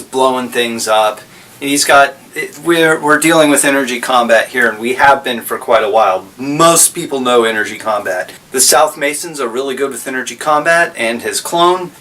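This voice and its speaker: A man's voice: medium pitch, pushed and bright, far from the mic. A man casually recapping a story, rambling and correcting himself as he goes.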